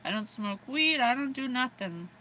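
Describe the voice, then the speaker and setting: A woman's voice: fairly high pitch, animated, normal speed, sharp tone, a little hiss or hum. An American woman giving a casual livestream psychic reading, bubbly and rambling, often giggling. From USA. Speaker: psychic reader.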